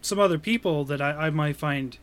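A man voicing a tiny, proud, tireless female gnome investigator in a tabletop game, talking earnestly and a little haltingly. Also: deep voice, close to an everyday voice. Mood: briefing. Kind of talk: tabletop role-play.

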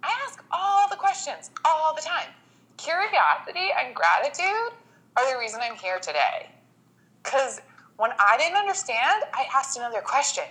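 A woman's voice: sits high, measured pace, low-quality recording. A woman guest in a casual interview, telling her story with feeling and acting out what people say. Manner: emotional, animated storytelling with acted-out quotes.

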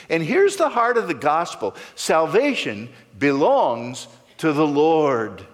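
Man preaching with big sweeping pitch swings. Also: huge pitch swings, unhurried, hardly any pauses, big-room sound. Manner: preaching with sweeping rises and falls, stressing key words. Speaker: pastor. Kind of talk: sermon.

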